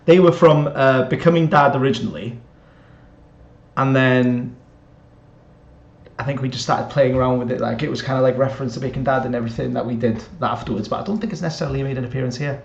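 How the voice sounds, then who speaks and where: A man co-hosting a casual chat, excitable, laughing often and restarting his sentences. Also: medium pitch, fast, gravelly. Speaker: podcast co-host. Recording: echoey dull lo-fi call audio.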